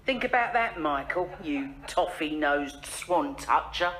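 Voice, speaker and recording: A woman's voice: deep voice, animated, slow pace, very noisy. An actress playing a brash, blunt, crude working-class mother and yoga teacher, speaking in a sarcastic sitcom manner. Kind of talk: sitcom acting.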